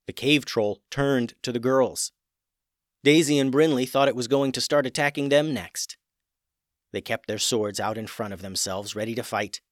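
A man narrating a children's fantasy story with expressive, dramatic storytelling. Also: mid-range voice, moderate pace, dry recording, studio quality.

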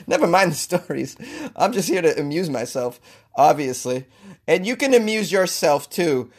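A man hosting a comedy podcast, riffing in a jokey, rambling way with self-mocking asides. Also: a little high. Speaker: podcast host. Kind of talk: casual comedic monologue.

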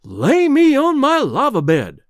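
Guy putting on a loud brash cowboy rancher, drawly slangy, high and lively. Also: normal speed, dry recording, studio quality. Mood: boisterous.

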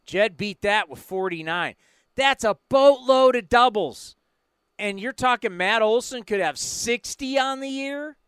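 Lively, smooth-voiced male sports talk host. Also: very high voice, a little slow, no room sound. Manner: lively, joking, asks a lot of questions.

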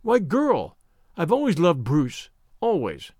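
Man reading, doing a bossy proud big sister, snooty and sharp-tongued, bouncy high voice, dry sound. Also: wildly swooping pitch, slow pace, dry recording, heavily acted. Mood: scornful. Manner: imperious, scornful. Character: proud, quick-tempered young woman, elder sister.

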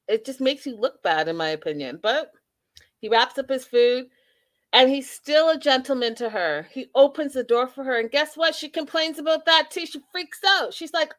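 A woman's voice: medium pitch, unhurried. A woman hosting a podcast, giving a casual, opinionated recap of a reality show, acting out what people said. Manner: animated, opinionated, acts out quotes. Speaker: podcast host reviewing reality TV.

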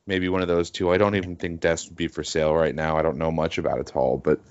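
A man's voice: very deep voice, little pitch movement, fast talker, darkish tone, muffled recording. A man co-hosting a casual sports podcast, talking in a rambling, hesitant way with many fillers. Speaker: podcast co-host.

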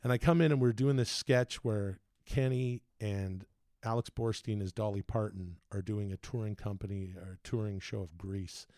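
A man telling loose, profane stories in casual chat, slipping into quick impressions. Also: on the low side, steady tone, darkish tone, no room sound, studio quality. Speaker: podcast guest telling stories.

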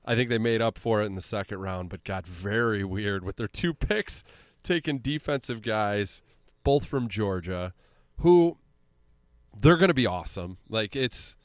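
A man's voice: lowish voice, expressive, unhurried, dry recording, studio quality. A man co-hosting a casual sports podcast, talking in a laid-back way with frequent chuckles. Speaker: podcast co-host.

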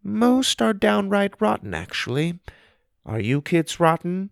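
A twitchy, paranoid chocolate maker in an audio storybook, put on by a male narrator. His voice jumps up high and strained, and the pitch swings around restlessly. The sound is dry and close. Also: very animated, a little slow, gravelly, no room sound, heavily acted. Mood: wary. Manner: fretful, jittery, high and strained.

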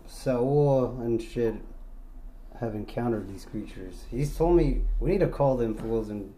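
A man's voice: medium pitch, measured pace, dark tone, a little hiss or hum, low-quality recording. A man co-hosting a casual podcast, goofy and slangy, who says "dude" constantly. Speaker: podcast co-host.

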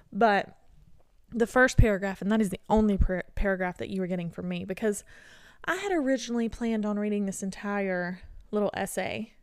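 In an emotional solo episode, a young woman hosting a podcast rambles heartfelt and self-deprecating, her voice so worn and tired she can barely talk. It's a medium-pitched, creaky voice in studio-quality audio with no room sound.

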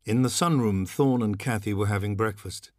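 A man reading a novel aloud in a measured, dramatic manner. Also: fairly low pitch, a little mellow, dry recording, studio quality. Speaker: narrator. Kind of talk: audiobook reading.

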